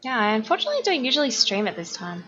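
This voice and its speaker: This young Australian art streamer talks fast in a slightly high, sing-song, somewhat bright voice, reading viewer comments aloud, laughing a lot and chatting casually. Faint music plays behind her, and the highs are cut off.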